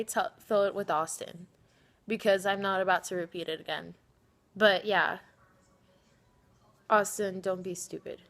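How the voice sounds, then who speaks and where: A woman vlogging casually to the camera, talking straight to her friends in an animated, dramatic way, pleading one moment and teasing the next. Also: medium pitch. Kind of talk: casual direct-to-camera vlog addressed to friends.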